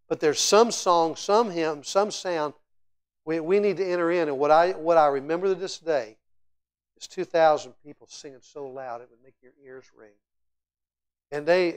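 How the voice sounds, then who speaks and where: A middle-aged man preaching a sermon in a church as guest speaker, telling stories with lively, animated delivery and frequent restarts. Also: high-pitched. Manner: animated, storytelling, repeats words and restarts often. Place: church sanctuary.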